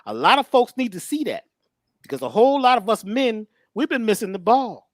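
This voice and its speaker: A man speaking at a spiritual workshop in a halting, stammering, preachy way. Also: sits high, very animated, no echo. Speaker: guest speaker.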